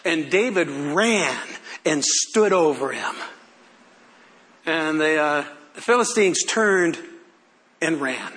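Older man preaching, high bright voice, slow deliberate delivery, animated storyteller. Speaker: pastor. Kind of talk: sermon.

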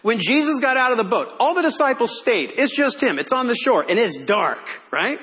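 An older man preaching a sermon as pastor, telling stories in an animated way and often laughing. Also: very high voice, moderate pace.

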